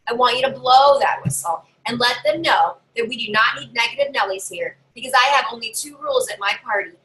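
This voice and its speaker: Chatty woman coaching other party sellers, bright highish voice, lively. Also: a little fast, a little hiss or hum, rough recording. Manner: chatty and animated, acting out customers' lines. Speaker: home party sales consultant. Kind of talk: casual training talk to fellow sellers.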